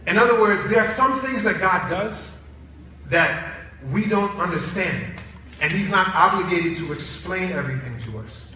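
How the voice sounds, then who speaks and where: A man's voice, sitting high and at an ordinary pace, carries a college chapel sermon full of animated, acted-out stories. The large hall echoes, he sounds distant, and there's slight background noise.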